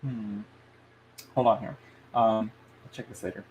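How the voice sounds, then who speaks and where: A man's voice: lowish voice, steady tone, a little slow, narrow, tinny audio, a little hiss or hum. Rambling man giving casual tarot readings. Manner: rambling, many fillers and restarts, chuckles often. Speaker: tarot reader hosting a live stream.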